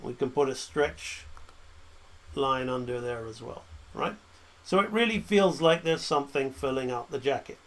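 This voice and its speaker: A man's voice: mid-range voice, animated, normal speed. A man teaching animation drawing, talking through each stroke as he draws and often checking in with "right?". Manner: talks while drawing, frequent "right?" checks. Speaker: animation instructor. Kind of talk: drawing tutorial narration.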